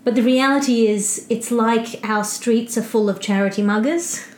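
Thoughtful woman, slightly high voice. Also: moderate pace. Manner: thoughtful, reasons through ideas with analogies. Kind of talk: casual podcast chat. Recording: roomy echo.

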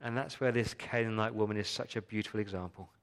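In a fairly low, resonant, clear voice, a male pastor preaches quickly to the congregation with fairly even intonation. He uses rhetorical questions, swinging from loud stresses to hushed lines.

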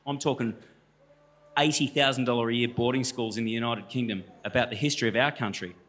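A man in his thirties with an Australian accent talks fast in a church hall, his medium-pitched, fairly bright voice keeping fairly even intonation. As a guest speaker, he tells stories to the church audience chattily, joking and addressing them directly.

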